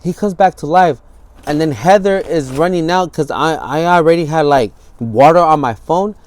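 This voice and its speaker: A man's voice: on the high side, moderate pace, a little mellow. A man, speaking in a candid documentary interview. He tells his story vividly, acting out the scenes and swearing freely. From San Francisco Bay Area.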